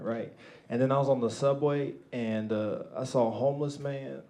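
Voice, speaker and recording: A man performing a stand-up comedy set, loud and animated, often laughing at his own jokes. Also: medium pitch, fast, hardly any pauses. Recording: live club with crowd laughter. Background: audience laughing and clapping.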